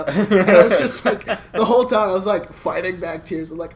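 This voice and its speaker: A man's voice: fairly high pitch, brisk. A man co-hosting a podcast, telling a gaming story in casual chat, swearing and laughing as he goes. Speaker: podcast co-host.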